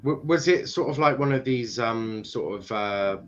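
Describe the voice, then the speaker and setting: A man's voice: medium pitch, a little hiss or hum. Man hosting teasing, lo-fi football stream. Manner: laughing, teasing, halting with fillers. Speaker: host. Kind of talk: casual podcast chat. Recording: dull lo-fi stream audio.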